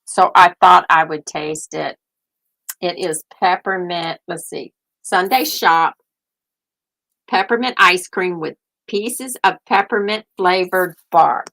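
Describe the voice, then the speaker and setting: Gravelly older woman chatting casually. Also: lowish voice, slow pace, pushed and bright. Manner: rambling, thinks aloud, chatty. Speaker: host. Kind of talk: casual live-stream chat.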